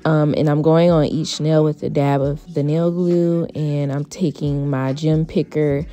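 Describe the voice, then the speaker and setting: Low, mellow-voiced woman vlogger. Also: a little slow. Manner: chatty, relaxed, frequent fillers. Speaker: beauty vlogger. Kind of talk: casual tutorial voice-over.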